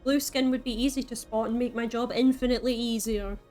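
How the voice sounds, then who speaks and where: A woman's voice: a little high, fairly even intonation, brisk, darkish tone, faint music behind. A woman reading a story game aloud as a streamer, breaking in with playful, chatty asides.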